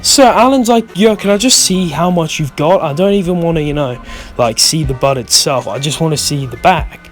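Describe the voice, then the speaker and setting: A man's voice: a little high, normal speed, soft background music. A young man telling a rambling, swear-filled storytime in a vlog, often losing his thread. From United Kingdom. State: stoned. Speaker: vlogger.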